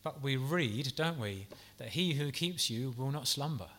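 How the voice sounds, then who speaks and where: Speaking at an unhurried, animated pace, this man preaches with a bright, forceful tone while staying gentle, earnest and pastoral. His voice is middle-range for a man. He occasionally pauses to start a phrase over.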